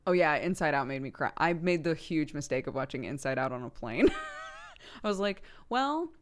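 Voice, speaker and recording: A young adult woman streamer chatting casually with her viewers, laughing often and jumping up in pitch when she gets excited. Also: moderate pace.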